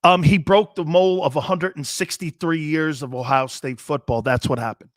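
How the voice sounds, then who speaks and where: A man's voice: a little high, normal speed. A middle-aged man hosting a sports talk show, a brash, laughing trash-talker telling stories.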